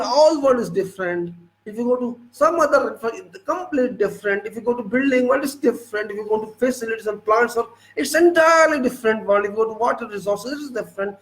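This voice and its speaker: Emphatic Indian engineer lecturing. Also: male voice, very high-pitched, low-quality recording. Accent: Indian English. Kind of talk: lecture-style monologue.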